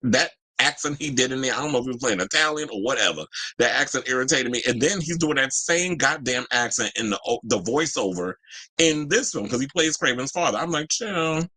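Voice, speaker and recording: Animated man with a bright, dry voice. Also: mid-range voice, a little fast, no echo, low-quality recording. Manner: animated and chatty, reads and answers live chat, swears freely. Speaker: entertainment news show host. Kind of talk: casual pop-culture commentary.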